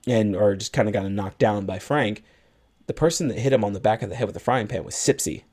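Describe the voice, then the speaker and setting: Male podcast co-host with a lowish voice, retelling a movie in easy chat. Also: brisk, a little mellow. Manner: retells a film plot at length, acting out lines of dialogue. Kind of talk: casual movie recap chat.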